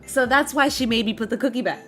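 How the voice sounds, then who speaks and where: A young adult woman streaming to her chat, telling a story in an exasperated, animated rant and laughing as she vents. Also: fairly high pitch, quick pace, soft background music.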